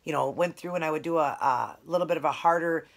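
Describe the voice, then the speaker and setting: Low-voiced chatty woman vlogger. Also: quick pace, creaky. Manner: chatty, rambling, affectionate. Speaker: keto food vlogger. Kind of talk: casual vlog chat while eating.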